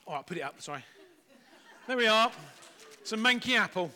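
Upbeat middle-aged man, high bright voice, jokey children's talk leader. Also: expressive, moderate pace, a faint crowd. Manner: playful, chatty, jokey.

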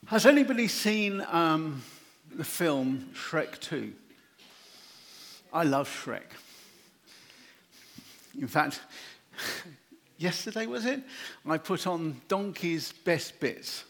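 A man preaching an informal, chatty sermon, animated and quick to laugh. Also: fairly high pitch.

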